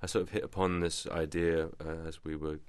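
A young man from London with an English accent, a musician guest answering interview questions in a relaxed, hesitant way with many restarts, on a studio microphone. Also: a bass voice, a little fast, clear, resonant tone, no echo. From London, England. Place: radio studio.

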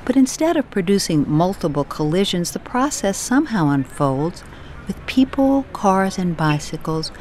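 Expressive woman reading her essay. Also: fairly low pitch, normal speed, slight background noise. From United States. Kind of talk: scripted narration of a personal essay.

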